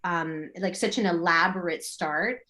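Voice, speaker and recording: A middle-aged woman, a yoga teacher, chatting as an interview guest and telling animated stories full of her own remembered thoughts. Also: lowish voice, measured pace. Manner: animated storytelling with quoted inner thoughts. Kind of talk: casual interview chat.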